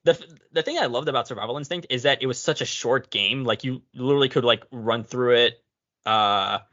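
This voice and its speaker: A man chatting as a podcast guest, relaxed and chuckling about old games. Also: mid-range voice, brisk. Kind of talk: casual chat. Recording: dull lo-fi audio.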